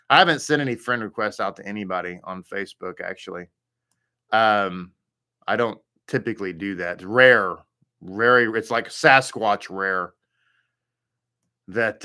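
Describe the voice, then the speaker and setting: A man's voice: a little high, bright, forceful tone. A man leading a live Torah study, greeting viewers by name and chatting casually before he teaches.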